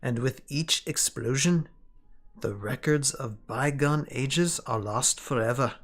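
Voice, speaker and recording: A man voicing a solemn male elf scholar, an outcast mourning lost knowledge, in a slow, grave reading. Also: medium pitch, a bit bright. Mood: solemn lament.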